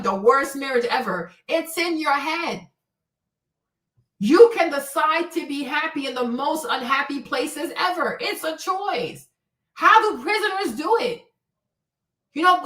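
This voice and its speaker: A woman's voice: high voice, a bit bright. Blunt, preachy woman in her forties. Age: 40s. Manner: blunt, preachy, keeps asking "right?". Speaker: live stream host. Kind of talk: casual livestream rant. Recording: echoey room, voice a bit far from the mic.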